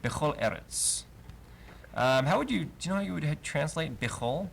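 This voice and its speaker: A Hebrew teacher leads a live Bible language class in a congregation classroom, patiently explaining step by step with many fillers. His voice is a little high and creaky, with lively intonation at normal speed, and there's a little hiss or hum.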